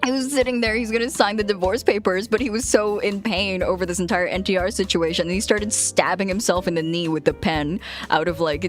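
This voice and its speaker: A woman's voice: mid-range voice, a little fast, hardly any pauses. A woman streamer chatting casually and frankly with her viewers, laughing often as she tells stories. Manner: frank, giggly, animated storytelling. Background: faint music.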